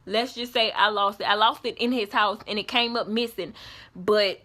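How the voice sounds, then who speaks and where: A young woman telling a casual storytime vlog, animated and acting out the people in her story. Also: mid-range voice, moderate pace. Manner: animated storytelling, quoting others in put-on voices. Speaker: vlogger.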